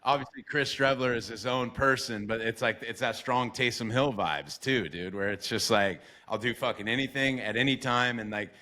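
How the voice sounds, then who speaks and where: A man's voice: mid-range voice, normal speed, hardly any pauses, bright, forceful tone. A man hosting a podcast in casual interview chat, laid-back, filling his talk with "like" and cursing freely. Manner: laid-back, swears freely, says like a lot. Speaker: podcast host.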